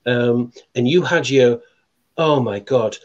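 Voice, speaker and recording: Older guest musician, halting delivery with lots of ums. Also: male voice, mid-range voice, highs cut off. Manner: hesitant, many fillers and restarts. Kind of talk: casual chat.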